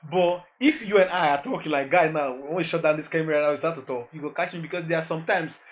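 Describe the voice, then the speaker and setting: This Nigerian music producer, dropping into Pidgin, talks fast in an on-the-high-side voice about his journey. Guesting on a podcast in casual interview chat, he stays earnest and reflective, repeating phrases while he thinks.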